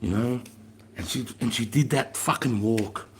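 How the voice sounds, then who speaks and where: A man's voice: mid-range voice, normal speed, slight background noise. Blunt, swearing Australian man. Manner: blunt, heavily profane, emphatic. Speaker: former army corporal and instructor. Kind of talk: casual storytelling.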